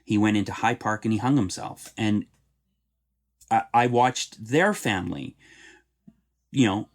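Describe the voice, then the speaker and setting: A middle-aged man from Canada, a playwright, speaking earnestly and with feeling in a podcast interview, and growing animated when he talks about laughter and tears. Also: fairly low pitch, unhurried. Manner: earnest, heartfelt storytelling.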